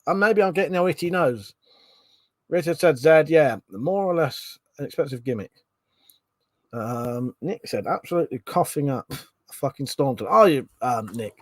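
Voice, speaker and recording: A man's voice: a little high, lively intonation, moderate pace, dry recording. A man, hosting a casual livestream at home, reading chat and swearing freely between chuckles. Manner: swears often, chuckles, mutters asides. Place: bedroom at home.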